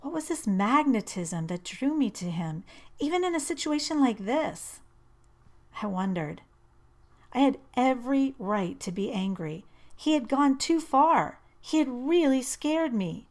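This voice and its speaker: A woman narrating a first-person novel as an audiobook, in an intimate, measured and expressive reading. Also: fairly high pitch.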